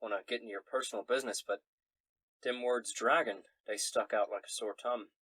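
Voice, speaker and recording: A man voicing a nosy, polite young innkeeper who speaks sheepishly and with deference, in a husky voice. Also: medium pitch, steady tone, fairly quick, a bit bright, no echo.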